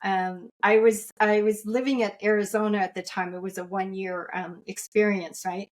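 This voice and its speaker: A woman's voice: mid-range voice, fairly even intonation, normal speed. A middle-aged woman, a spiritual angel reader, telling an earnest personal story in an interview. She often repeats herself and checks in with "right?". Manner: warm, repetitive, checks in with "right?".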